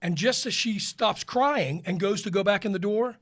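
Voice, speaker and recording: Man, opera tenor, podcast co-host, deadpan joke telling, higher pitch. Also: moderate pace. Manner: deadpan storyteller building a punchline.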